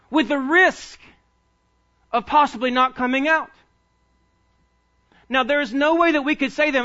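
A man's voice: very high-pitched, pushed and bright, lo-fi sound. A man preaching a sermon as pastor, emphatic and urging his congregation to listen closely. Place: church sanctuary.

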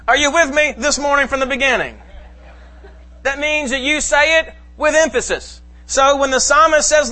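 A man preaching a sermon to a congregation, reading scripture slowly and with emphasis. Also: very high voice, lively intonation, sharp tone. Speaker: pastor. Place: church sanctuary.

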